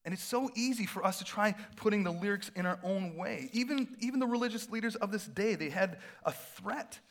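A middle-aged pastor preaching a sermon in a loose, conversational way, full of fillers and asides. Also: male voice, high voice, brisk, gravelly.

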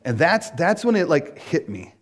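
A man preaching a casual sermon as a pastor, telling a personal story in an animated way, full of "like" and "right?". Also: a little high, moderate pace. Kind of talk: conversational sermon.

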